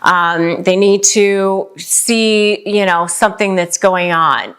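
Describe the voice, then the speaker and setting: Middle-aged female host, conversational advice talk, smooth resonant voice, mid pitch. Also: fairly bright tone. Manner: conversational, acts out quoted lines in quick asides. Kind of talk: direct-to-camera advice talk.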